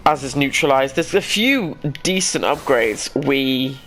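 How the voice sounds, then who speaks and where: A man's voice: mid-range voice, expressive, unhurried, fairly bright tone, slight background noise. A man giving casual let's-play commentary, thinking aloud as he plays and poking fun at himself now and then. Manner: thinks aloud, rambling and self-deprecating. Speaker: gaming YouTuber.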